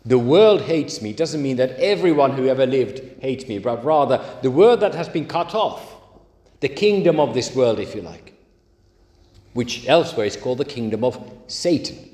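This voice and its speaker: Man, sermon, emphatic slow stresses, animated pitch, roomy echo. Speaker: preacher. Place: church. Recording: echoey church hall.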